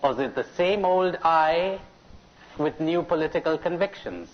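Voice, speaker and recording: On a dull, lo-fi cassette tape, a middle-aged man's expressive voice, on the high side, carries at a moderate pace through a live spiritual conference talk. He quizzes the audience with questions and tells them jokes.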